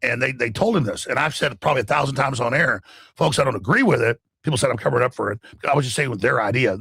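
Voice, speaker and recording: A middle-aged American man telling a story in an urgent, breathless rush, as a podcast guest, with a gravelly, husky voice. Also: medium pitch, rapid-fire, no echo. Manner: urgent, breathless storytelling with shouted acted quotes. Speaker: radio host guest. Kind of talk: excited podcast guest talk.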